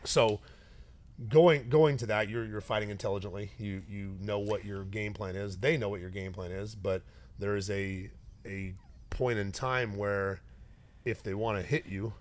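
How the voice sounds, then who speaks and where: A man's voice: fairly low pitch, moderate pace. A middle-aged man, a retired fighter hosting a casual interview, telling stories with animation and acting out what people said. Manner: animated storyteller, acts out quoted voices.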